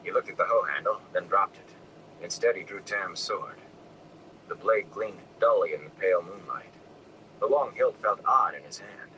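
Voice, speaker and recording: A man reading a novel aloud in a soft, hushed narration, sometimes dropping to a whisper. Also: sits low, normal speed. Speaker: audiobook reader. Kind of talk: scripted narration. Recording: distant mic with air conditioning noise.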